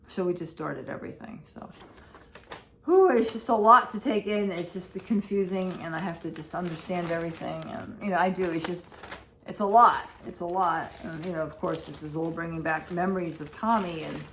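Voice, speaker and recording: A pet owner films a casual day-in-the-life vlog at home, speaking at a normal speed in a low-side, slightly bright voice. She rambles and repeats herself anxiously and emotionally, and the recording is roomy with faint background noise.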